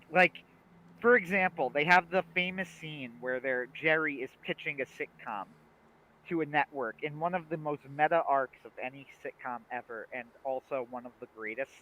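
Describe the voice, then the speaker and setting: A man co-hosting a livestream in casual chat, retelling scenes with lively acted-out quotes. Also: on the high side. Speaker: livestream co-host. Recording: dull lo-fi stream audio.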